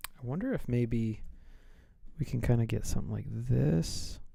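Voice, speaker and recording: A man's voice: mid-range voice, a little slow, creaky, dark tone, slightly rough, no echo. A man chatting casually on a live stream while he draws, rambling and playful as he thinks aloud.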